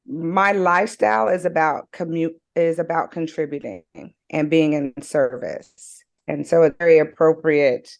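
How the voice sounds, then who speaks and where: A woman on a video call sharing earnestly and emphatically about what service means to her. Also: sits low. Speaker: game participant. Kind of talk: reflective personal sharing.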